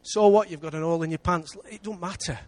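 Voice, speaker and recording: A man with an English accent preaching a sermon in church, lively, with big swings between loud and quiet. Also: fairly high pitch, fast talker. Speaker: pastor.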